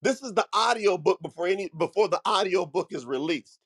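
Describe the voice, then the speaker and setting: A man's voice: sits high, expressive, fairly quick, a bit bright, breathy edge. A middle-aged man hosting a talk, telling a story with emphatic, preacher-like energy and calling his listeners family. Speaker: host. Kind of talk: motivational storytelling.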